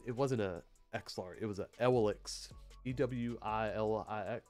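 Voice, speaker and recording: A man's voice: on the low side, a little slow, darkish tone, faint music behind. A man with a Southern US accent hosting a live technical training session, chatty and rambling with lots of fillers. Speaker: PLC training host. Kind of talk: casual live-stream technical lesson.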